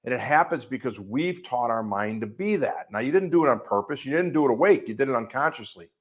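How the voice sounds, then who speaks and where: A man's voice: mid-range voice, animated, brisk, dull audio. A middle-aged man with a Midwestern American accent, speaking as a life coach on a coaching call. He talks emphatically and piles up long repeated lists.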